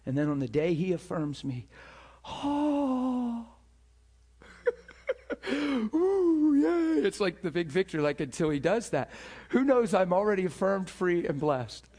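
Husky guy preaching, kinda high voice, really swingy and laughy, repeats himself a lot. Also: measured pace. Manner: animated, laughs often, repeats words. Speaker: pastor. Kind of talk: sermon storytelling.

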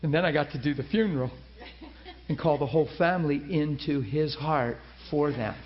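A man's voice: fairly high pitch, normal speed, highs cut off. A man preaching a sermon, telling a story and acting out the people in it.

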